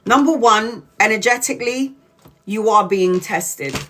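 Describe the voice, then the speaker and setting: A woman's voice: on the high side, fairly bright tone, soft background music. Blunt, profane woman tarot reader. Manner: drawls key words slowly for emphasis. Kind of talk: casual live-stream tarot reading.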